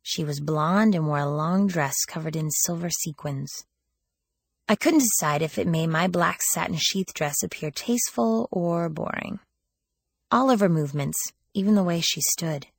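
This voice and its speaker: A woman reads a first-person novel aloud with wry, lively storytelling. Her voice sits low and slightly husky, and the recording is close and dry with no room sound. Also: no echo. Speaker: audiobook narrator. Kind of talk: first-person audiobook narration.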